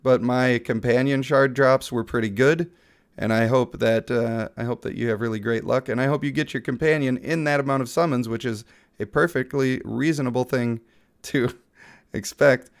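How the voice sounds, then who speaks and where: A man's voice: medium pitch, steady tone, moderate pace. A man who is sick, giving casual, playful live-stream commentary on a mobile game and chatting with viewers.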